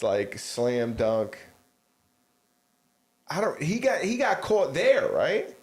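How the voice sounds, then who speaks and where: A man's voice: on the high side, huge pitch swings, slow, long pauses. A man co-hosting a casual podcast, retelling things in a rambling way full of "like" and "you know". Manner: rambling storyteller, many fillers like "like" and "you know". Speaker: podcast co-host.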